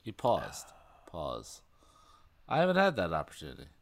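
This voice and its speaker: A man's voice: deep voice, huge pitch swings, moderate pace, creaky. A man co-hosting a comedy podcast, reading a book aloud with dry, mocking asides. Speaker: podcast co-host.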